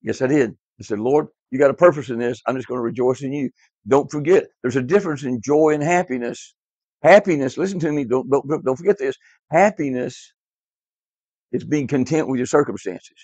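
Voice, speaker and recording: A man's voice: mid-range voice, a little fast, darkish tone, no room sound. A man teaching a class Bible lesson, emphatic and repetitive, quizzing his students in a classroom. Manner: emphatic, repeats key words, quizzes the class. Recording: dull lo-fi, dry.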